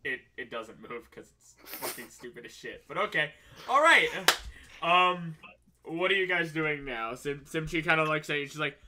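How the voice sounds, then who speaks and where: A man's voice: a little high, expressive, normal speed, bright, forceful tone, a little hiss or hum. A man running a tabletop game as dungeon master, narrating in a casual, profane way and laughing along.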